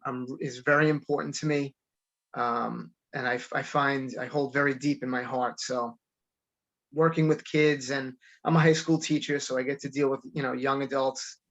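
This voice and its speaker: A man with a New York accent, a high school teacher, earnestly telling his story as a guest in a remote podcast interview. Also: fairly bright tone.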